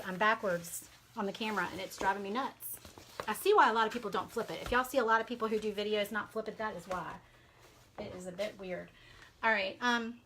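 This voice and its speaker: Her voice sits on the high side, bright and forceful, with a slight hiss or hum in the audio. She's a Southern American craft vlogger on a live stream, talking to viewers as she works and using lots of fillers.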